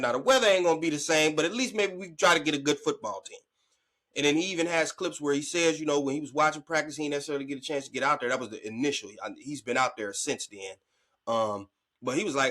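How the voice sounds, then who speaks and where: A man's voice: medium pitch, fast. A man hosting a sports podcast, giving casual, slangy commentary and acting out players' reactions. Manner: animated, conversational, slangy, acts out players' reactions.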